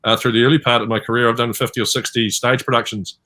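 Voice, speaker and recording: A man's voice: mid-range voice, flat delivery, fast talker, pushed and bright. A man with a New Zealand accent, a voice actor telling rambling stories with many fillers in a panel interview over a video call. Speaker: voice actor guest.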